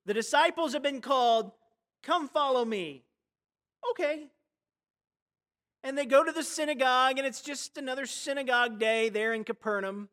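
A pastor preaches a sermon in a conversational, storytelling style, packed with rhetorical questions. His voice sits high and moves at a moderate pace, swinging suddenly and widely between hushed and loud.

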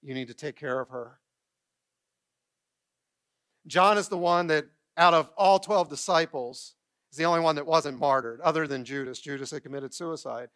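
Middle-aged male pastor, somewhat high voice, animated storytelling sermon delivered from the stage. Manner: storytelling, animated, acts out quotes and asks the congregation questions. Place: church stage.

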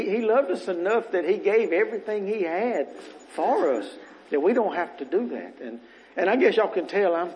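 A man preaching a sermon in church as minister, earnest and rambling, his voice going a little rough. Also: high voice, darkish tone, highs cut off. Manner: earnest, rambling, repeats words as he restarts. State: voice getting rough.

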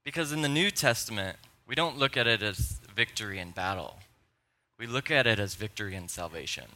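Brief: male pastor preaching in church, bright tone, playful, geeky, excitable. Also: on the low side, fairly quick. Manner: playful, excitable, self-deprecating, nerdy enthusiasm. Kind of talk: sermon. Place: church sanctuary.

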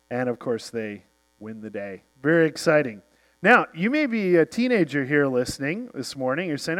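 A man's voice: fairly high pitch, very animated, moderate pace, a bit bright. A middle-aged male pastor preaching a sermon, telling stories and quoting famous speeches with drama.

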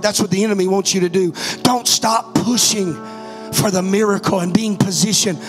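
Man preacher, high bright voice, fervent altar call, urgent, faint music behind. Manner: fervent, building to urgent exhortation. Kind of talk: Pentecostal altar-call sermon. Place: church sanctuary.

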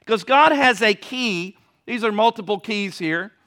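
Guy preaching, high voice, asks the crowd stuff, repeats lines for emphasis. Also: lively intonation, unhurried, sharp tone. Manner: conversational preaching with rhetorical questions and emphatic repetition. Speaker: pastor. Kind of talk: sermon.

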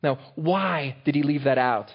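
An unhurried, husky voice on the high side belongs to a pastor giving a sermon. He draws listeners in by often asking them rhetorical questions. The recording is lo-fi and dull-sounding.

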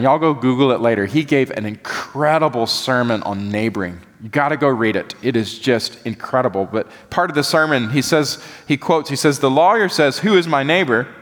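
Man preaching in a reverberant church. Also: mid-range voice. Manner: animated, folksy preaching, drops soft for emphasis. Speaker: pastor. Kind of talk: sermon. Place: church sanctuary. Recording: long reverb of a church hall.

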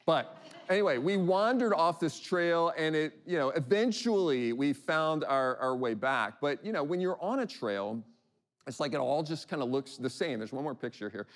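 A man's voice: on the high side, lively intonation. Conversational preaching man. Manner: conversational, many restarts, dramatic slow readings of verses; rhetorical questions to the congregation. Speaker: pastor. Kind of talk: sermon.

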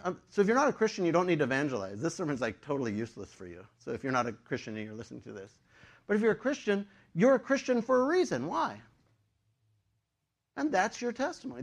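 A man preaching a sermon to his congregation in a conversational, animated way, with frequent fillers. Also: sits high. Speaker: pastor.

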